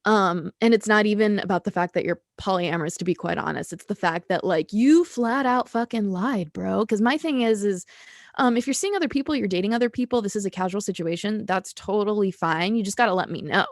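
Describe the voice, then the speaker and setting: Uma mulher, convidada de um podcast, narra de forma franca e animada um caso pessoal numa conversa descontraída por chamada de vídeo. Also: female voice, medium pitch, fairly quick, no room sound, clean studio sound. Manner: candid, animated storytelling with filler words. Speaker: guest. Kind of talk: casual podcast chat.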